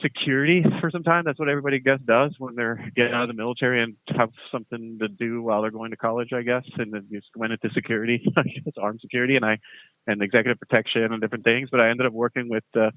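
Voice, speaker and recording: A man, a former US Marine, telling rambling, animated stories as a podcast guest. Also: medium pitch, very fast, dry recording. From United States. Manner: rambling, animated storytelling with laughs. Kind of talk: casual podcast chat. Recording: tinny phone-like line, dry.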